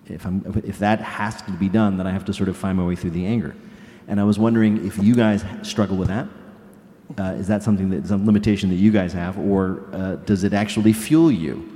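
A man hosting a panel, asking measured, thoughtful questions. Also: deep voice, steady tone, dark tone. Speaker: host. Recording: long hall reverb.

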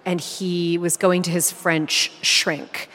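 A woman's voice: lowish voice, little pitch movement, takes it slowly, a bit bright. Chatty woman interviewer in a reverberant hall. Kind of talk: conversational interview.

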